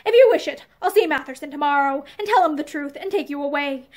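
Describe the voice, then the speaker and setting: A woman's voice: very high voice, lively intonation, moderate pace. A woman reading the part of a lovesick man who pleads passionately with the married woman he loves. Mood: passionate pleading. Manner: impassioned, pleading.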